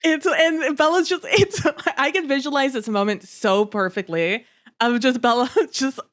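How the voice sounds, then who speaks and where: A woman co-hosting a casual book-club podcast, talking with animated energy, laughing often and swearing freely. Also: high-pitched, measured pace. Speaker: podcast co-host.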